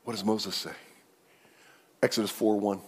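A pastor preaching a sermon, retelling the story in an animated way that swings from hushed to emphatic. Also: male voice, lowish voice, normal speed, breathy edge, in a large hall.

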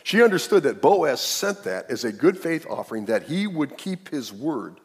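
Husky-voiced male preacher in a big hall. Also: fairly high pitch, sing-song, moderate pace. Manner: conversational preaching, asks the listeners questions. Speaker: pastor. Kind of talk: sermon. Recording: long reverb of a large hall.

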